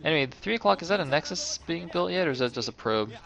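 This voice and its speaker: A man's voice: a little high, fast, vocal fry. Chatty man casting a game. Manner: chatty and self-correcting, grows loud and excited in tense moments. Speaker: esports caster. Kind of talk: casual play-by-play game commentary.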